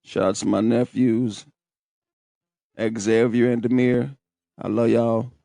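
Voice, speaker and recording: A man's voice: mid-range voice, flat delivery, slow, creaky, mellow, no room sound. A young man hosting a podcast, telling a personal story in a candid, profane, emotional way. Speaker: podcast host.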